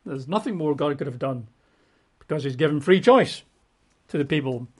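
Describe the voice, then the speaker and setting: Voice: mid-range voice, animated, moderate pace, a little mellow, slightly rough. Preacher, sermon, emphatic, repetitive lists, conversational asides. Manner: emphatic, piles up repeated synonyms, conversational asides. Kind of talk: sermon, Bible exposition.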